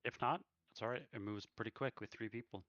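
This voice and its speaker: A man's voice: medium pitch, quick pace, fairly bright tone, no room sound, dull audio. A man running a tabletop game, chatting casually and thinking aloud over a voice call. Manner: laid-back, thinking aloud. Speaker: game master. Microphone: online voice call.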